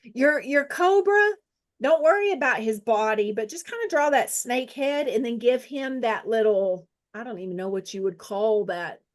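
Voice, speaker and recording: A woman teaching a Bible study, slowly dictating verses and guiding drawing with a friendly, self-deprecating manner. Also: a little high. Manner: slow, deliberate dictation, repeating phrases; friendly, laughs at herself. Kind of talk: guided scripture lesson with drawing.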